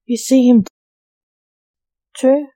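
A storyteller reading the lines of a stubborn old male zombie who snaps back curtly, in a slow, mellow, dry voice. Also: medium pitch, dry recording, natural voice. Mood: insistent.

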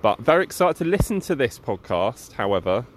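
A man's voice: medium pitch, sing-song, a little fast, slight background noise. A man on a casual call from outdoors by the sea, breezy and rambling. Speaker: podcast co-host.

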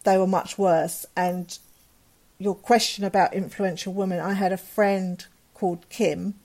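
Heard first is a mid-pitched woman talking at an ordinary pace, candid and earnest as she recounts something personal. She is middle-aged and speaks as an interview guest, rambling a little with fillers and restarts. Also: fairly even intonation, measured pace, darkish tone. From England. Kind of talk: personal storytelling in conversation.

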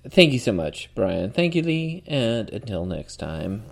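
A man hosting a casual podcast chat, animated and joking. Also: lowish voice, gravelly. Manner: animated, joking, quick to laugh. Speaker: podcast host.

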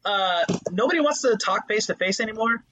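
Swearing freely, a male podcast co-host chats and tells stories with animated energy. His voice sits high and moves at a quick pace, with a little hiss or hum in the audio.

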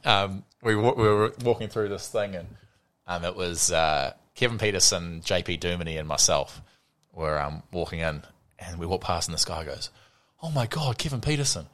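A man's voice: sits low, fairly even intonation, normal speed, fairly bright tone. A man in his thirties with a New Zealand accent, a cricketer chatting as an interview guest, rambling with lots of fillers. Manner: rambling, heavy on fillers like "you know" and "sort of", mimics people in anecdotes. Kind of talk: casual interview chat.

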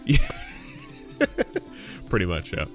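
Rambling, cursing man, lowish voice. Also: huge pitch swings, extremely slow. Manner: rambling, swears freely, laughs often. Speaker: podcast host. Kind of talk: casual gaming podcast chat. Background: faint game audio and music.

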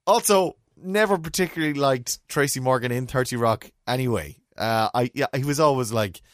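Lively Irish man telling a story. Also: medium pitch, fairly quick, hardly any pauses, dry recording, clean studio sound. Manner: animated storyteller, wry asides. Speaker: podcast host. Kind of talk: casual podcast chat.

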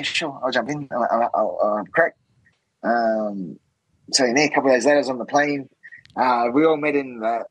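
An Australian man as a podcast guest, spinning stories in a loose, rambling way and circling back on his words. His voice is husky and mid-pitched, recorded close and dry. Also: fairly bright tone, dry recording, rough recording. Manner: rambling, many fillers and restarts. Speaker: guest, fighter. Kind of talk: casual storytelling.

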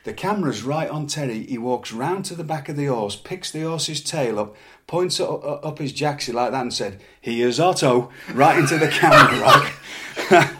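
A middle-aged man from England, a former wrestler, telling animated anecdotes in a casual chat with frequent laughs and repeated words. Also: medium pitch.

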